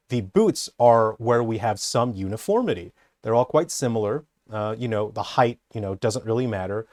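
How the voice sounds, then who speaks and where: A man's voice: mid-range voice, a little mellow, no room sound, studio quality. A man working as a character designer, giving an enthusiastic, rambling commentary full of hesitations. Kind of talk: casual commentary breakdown.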